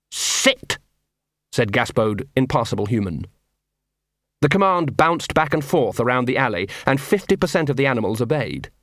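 A man's voice: mid-range voice, fairly bright tone, no echo. Dry, wry male audiobook narrator.

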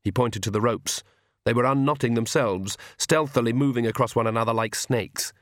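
Male audiobook narrator, mid-range voice, measured delivery, dead dry booth. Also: medium pitch, steady tone, no echo.

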